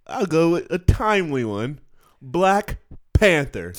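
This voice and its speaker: A man co-hosting a casual podcast, thinking aloud with pauses and sighs. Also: fairly high pitch, big pitch swings. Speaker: podcast co-host. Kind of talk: casual chat.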